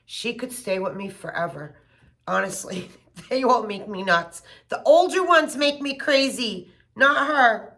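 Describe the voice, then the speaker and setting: A middle-aged woman chatting casually and gushing with excitement as she unboxes gifts for her vlog. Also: a little high, unhurried, creaky. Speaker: home fragrance vlogger.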